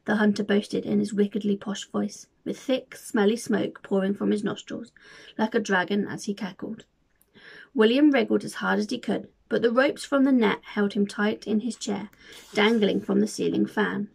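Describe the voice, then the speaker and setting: A woman reading a children's storybook aloud with expressive, dramatic storytelling. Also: medium pitch, normal speed, vocal fry, husky. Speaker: volunteer reader.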